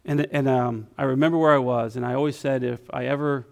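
Guy giving a sermon in church, raspy low fry, casual and humble, goes quiet for prayer. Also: fairly even intonation, fairly quick. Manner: conversational, self-deprecating, with soft prayerful passages. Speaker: guest preacher. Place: church sanctuary.

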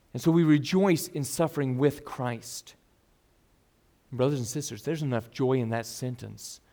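A man preaching an expository sermon as pastor, earnest, moving between loud emphasis and hushed asides. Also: medium pitch.

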